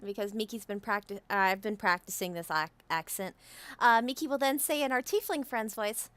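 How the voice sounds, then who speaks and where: A woman's voice: medium pitch, brisk, fairly bright tone, no echo. A woman playing in a tabletop game, hesitantly describing what her character does, with frequent restarts.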